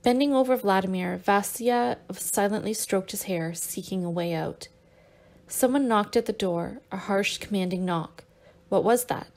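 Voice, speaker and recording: A woman narrating an audiobook in a steady, measured reading voice. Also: medium pitch.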